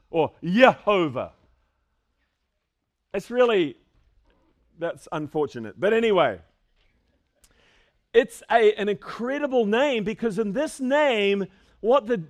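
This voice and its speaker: A man preaching a sermon to a congregation, animated, swinging between loud calls and quiet asides. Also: high voice. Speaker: pastor.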